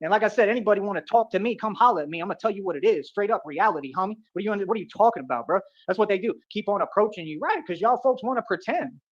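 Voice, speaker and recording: A man from delivers a rapid, swaggering rant. He keeps circling back to the same boasts and pet phrases. The audio is muffled and lo-fi. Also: high-pitched, animated. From Atlanta, United States. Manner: boastful, repetitive, keeps saying "real talk".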